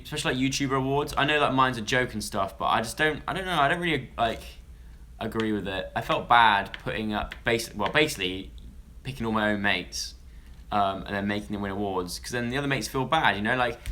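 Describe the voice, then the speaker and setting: A man's voice: mid-range voice, pushed and bright. A young man from England chatting casually on a live stream, rambling and interrupting himself as he talks to viewers.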